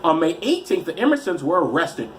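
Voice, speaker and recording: A man's voice: on the high side, big pitch swings, brisk, a little hiss or hum. A man with a cold and an American accent, hosting a comedy show where he reads news stories aloud in a rambling, sarcastic way with many restarts. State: has a cold. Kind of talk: comedic news-story reading.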